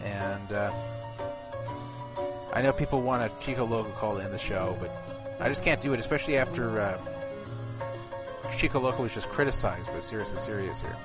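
A man's voice: fairly low pitch, a little fast, pauses often, loud music behind the voice. A man hosting an online radio show in casual chat, rambling and correcting himself.

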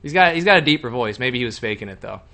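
A man's voice: medium pitch, animated, quick pace, bright, forceful tone. A man from Texas hosting a show, chatting casually and asking playful questions. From Texas, Houston area. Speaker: podcast host. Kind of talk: casual chat.

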